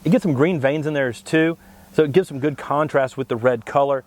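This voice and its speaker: A man co-hosting a plant show, explaining tree varieties in a steady, knowledgeable way. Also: on the high side, fairly quick. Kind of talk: informative product talk.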